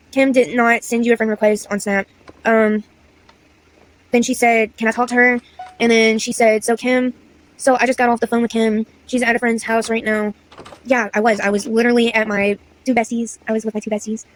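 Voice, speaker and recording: Young woman, slightly high voice, chatty, exasperated, story-time vlog, reading texts aloud. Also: poor audio. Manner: chatty, exasperated, slangy asides. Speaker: content creator.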